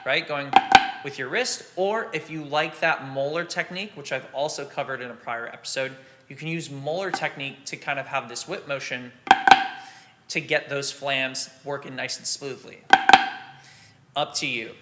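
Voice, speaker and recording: A man teaching drum rudiments in a relaxed, practical way, sometimes scatting the rhythms aloud. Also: medium pitch, normal speed, background noise. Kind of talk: instructional explanation.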